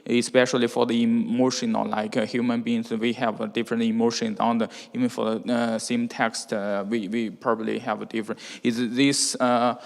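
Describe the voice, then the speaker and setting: A man's voice: medium pitch, little pitch movement, moderate pace, vocal fry, hardly any pauses. A man in the audience asking a lecturer a question, hesitant and searching for words. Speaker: audience member. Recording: lecture hall with long reverb.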